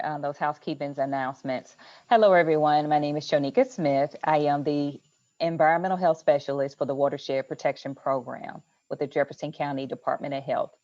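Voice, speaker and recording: A woman with a notably low voice reads a formal introduction of a guest speaker during an online webinar. Her delivery is measured and polished. The video-call sound is a little dull and muffled. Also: darkish tone. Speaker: environmental health specialist introducing the speaker.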